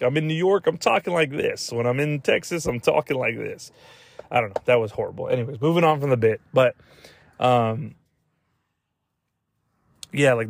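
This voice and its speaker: A man's voice: medium pitch, no echo. Young man, podcast host, casual rant, profane, laughing, dry close sound. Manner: loose, profane, rambling with laughs.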